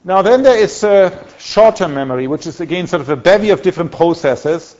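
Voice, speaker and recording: Male lecturer, slightly high voice, casual, self-correcting delivery; dull, lo-fi lecture hall recording. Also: expressive, brisk, a little mellow. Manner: conversational, many restarts and fillers, self-correcting. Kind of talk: university lecture.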